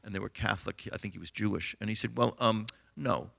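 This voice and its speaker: A man's voice: lowish voice, fast, creaky, a bit bright. A middle-aged American man, an author and physician, tells anecdotes with many fillers and retold dialogue in a conversational interview.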